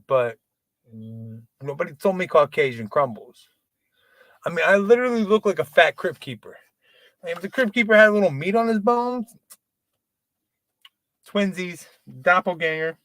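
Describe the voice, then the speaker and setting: A man's voice: high-pitched, no room sound. A man in his forties doing open mic stand-up, rambling, self-deprecating and profane. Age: 40s. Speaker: stand-up comedian.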